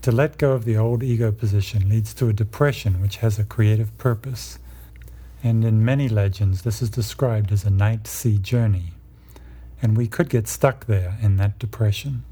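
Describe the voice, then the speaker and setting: Husky, dark-voiced man lecturing calmly. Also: fairly low pitch. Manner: measured, explanatory. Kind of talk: lecture on myth and psychology.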